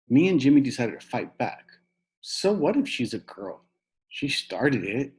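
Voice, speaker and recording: A man reading a children's book aloud, telling it in an animated way. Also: medium pitch, unhurried, husky. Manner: animated storytelling with a boyish narrator's voice. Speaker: reader.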